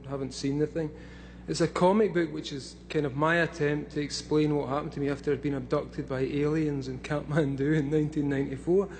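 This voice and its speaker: Scottish man, thirties, high-pitched, drunk, swearing, laughing, live talk, faint hum behind. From Scotland. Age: 30s. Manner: loud, swearing, laughing between lines. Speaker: convention speaker. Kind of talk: profane live talk to an audience.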